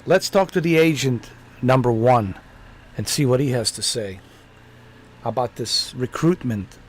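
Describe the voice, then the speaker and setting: A man's voice: medium pitch, lively intonation, a little slow, slight background noise. Casual male gaming streamer. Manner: casual, playful, talks back to characters. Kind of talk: live game commentary.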